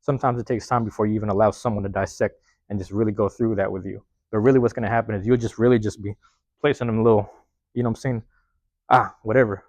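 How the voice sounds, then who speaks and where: A man's voice: medium pitch, fairly even intonation, quick pace, a little mellow, dry recording. A man hosting a podcast alone, rambling in a casual, profane monologue and tagging lines with "man", recorded on a phone. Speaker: podcast host.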